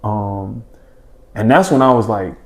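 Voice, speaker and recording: A young man chatting casually as a podcast guest, telling stories in an animated, slangy way and acting out his own past thoughts and his friends' reactions. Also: fairly low pitch, a little slow. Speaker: podcast guest, former junior college basketball player. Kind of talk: casual storytelling in a podcast chat.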